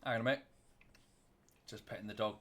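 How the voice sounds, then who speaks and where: Bright, animated man on a headset. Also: fairly low pitch, fast. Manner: animated storytelling, swears freely. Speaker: streamer. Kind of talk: casual voice-chat banter.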